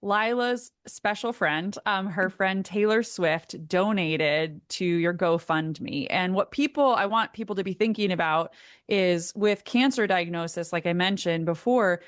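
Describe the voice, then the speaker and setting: Smooth-voiced woman host, dry sound. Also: on the low side, unhurried, dry recording. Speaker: podcast host. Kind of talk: conversational interview.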